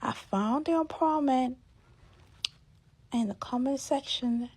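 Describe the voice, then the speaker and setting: Slow, husky woman host reacting to clips, indignant. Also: sits high, a little mellow. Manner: indignant, drawn-out, drops to near-whispers. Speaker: commentary host. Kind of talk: casual reaction commentary.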